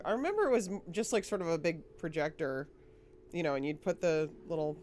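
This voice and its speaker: A woman's voice: low voice, a little mellow, slight background noise. A woman from Rhode Island streaming a game, chatting casually and often giggling as she rambles. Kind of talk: casual livestream chat.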